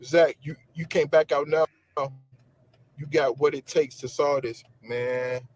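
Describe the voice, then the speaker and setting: A man with a high, slightly husky voice delivers a casual live-stream rant. He talks in loose slang, swears freely and circles back over the same points as he goes. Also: a little slow, low-quality recording. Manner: animated, slangy, repeats himself, swears. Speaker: social media commentator.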